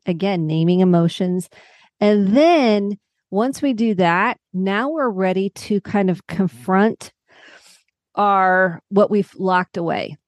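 A lower-pitched woman speaks as a psychotherapist guest on a podcast, earnestly walking listeners through practical examples. Her voice sits close and dry, with no room sound around it. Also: darkish tone, no room sound. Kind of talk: podcast interview.

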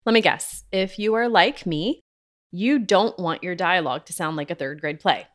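A woman's voice: lowish voice, moderate pace. Chatty, upbeat woman writing coach. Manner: chatty and upbeat, often laughing at herself. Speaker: writing coach and podcast host. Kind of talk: casual teaching talk.

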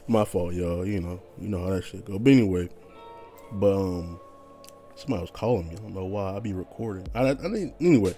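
Laid-back, mellow-voiced young podcast guy. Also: low-pitched, brisk, faint music behind. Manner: laid-back, rambling, profane, heavy slang. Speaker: podcast host. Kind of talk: casual solo podcast monologue.

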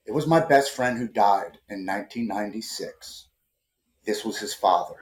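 A man's voice: on the low side, normal speed. A man in his forties, a podcast guest, telling a personal story earnestly and emotionally, often repeating words as he starts sentences. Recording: roomy echo.

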